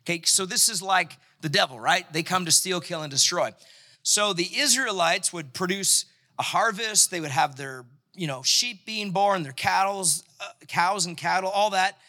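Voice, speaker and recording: A man preaching a sermon in a conversational, animated way, acting out the scripture as he goes. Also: high-pitched, moderate pace. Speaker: pastor.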